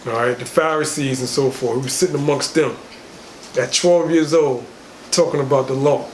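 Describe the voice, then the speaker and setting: A man's voice: medium pitch, steady tone, normal speed, echoey room, slight background noise, poor audio. A man who is an elder, leading a Bible study in a casual way, explaining the verses and acting out the scenes.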